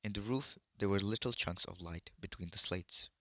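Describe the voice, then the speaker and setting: A man's voice: deep voice, moderate pace, a bit bright, no echo, studio quality. A man reading a children's novel aloud, unpolished, with slips and restarts. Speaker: reader.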